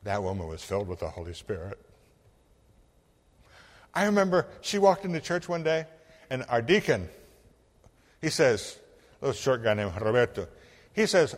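A male pastor preaches in a hall with a long, ringing reverb. He tells a story with lively energy, acting out the dialogue, sometimes hushed and sometimes nearly shouting. His voice sits at a middle pitch for a man. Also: moderate pace, long pauses. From Illinois. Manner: animated storyteller, acts out dialogue, swings from hushed to loud. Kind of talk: sermon storytelling.

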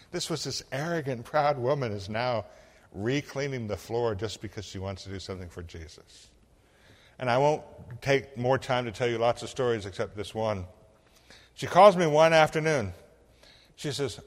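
A man from Illinois, a pastor telling a story in a sermon, acting out the voices and swinging from hushed to loud. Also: fairly low pitch, a little fast, in a large hall.

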